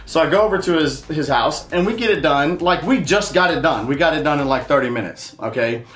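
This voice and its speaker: A man's voice: on the high side, expressive, a little fast, fairly bright tone, echoey room. Profane man ranting to camera. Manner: profane, heated storytelling. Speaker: show host. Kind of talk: casual ranting monologue.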